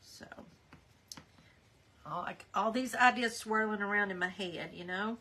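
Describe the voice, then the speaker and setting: A woman's voice: medium pitch, a little slow, sharp tone. A woman hosting a live craft demonstration at her home craft table, chatting in a rambling way and greeting viewers by name as she works. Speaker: craft livestream host.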